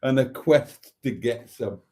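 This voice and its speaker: A man's voice: medium pitch, slow, a little mellow. A man hosting a casual live stream, reading viewer comments aloud and chuckling often.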